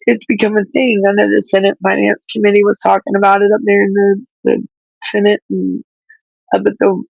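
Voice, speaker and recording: A woman whose child is in foster care, speaking through tears in halting, pleading talk that stops and restarts. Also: medium pitch, gravelly, a little mellow, husky, dry recording, lo-fi sound. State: crying, tearful. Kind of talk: emotional livestream talk.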